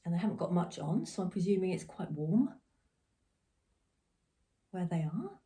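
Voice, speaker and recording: A woman's voice: on the low side, very animated, moderate pace, dark tone. A woman hosting a crafting podcast, chatting in a rambling, giggly way from her home. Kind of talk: casual chat.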